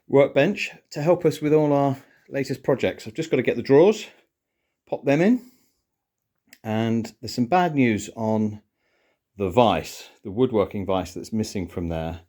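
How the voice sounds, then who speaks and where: A man's voice: mid-range voice, lively intonation, unhurried, dark tone. A middle-aged British man vlogging, chatting casually and explaining things in detail with a playful streak.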